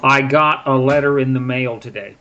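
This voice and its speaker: A man's voice: mid-range voice, normal speed, bright, forceful tone, highs cut off. A man patiently explaining English grammar with example sentences in a casual spoken lesson. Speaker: English teacher. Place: in Prague.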